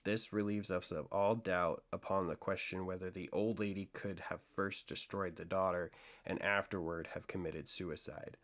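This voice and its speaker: A man voicing a coolly analytical gentleman detective, laying out his deductions in a measured, lecturing way in an audiobook reading. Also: deep voice. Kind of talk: audiobook reading of classic fiction.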